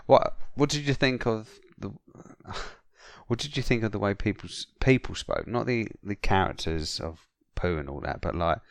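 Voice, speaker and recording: A man's voice: fairly low pitch, normal speed, creaky, few pauses, dry recording. A man in his thirties with a South London accent, chatting casually as a podcast co-host and filling gaps with "yeah". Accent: South London English. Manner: chatty, repeats "yeah" a lot, drops into silly put-on voices. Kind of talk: casual chat.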